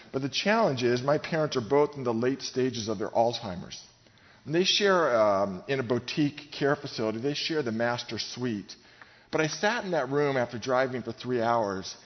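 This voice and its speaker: A middle-aged male pastor preaching a sermon in a large gym, speaking emphatically and directly to his congregation. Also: mid-range voice. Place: large gym used for church services. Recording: long hall reverb, dull sound.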